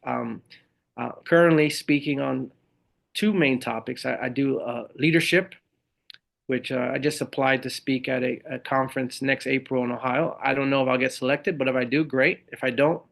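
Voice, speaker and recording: Middle-aged male veteran guest with a gravelly edge, lively and conversational. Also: medium pitch, normal speed. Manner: animated storyteller who acts out the voices of others. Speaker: guest, motivational speaker and Marine veteran. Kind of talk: conversational interview storytelling.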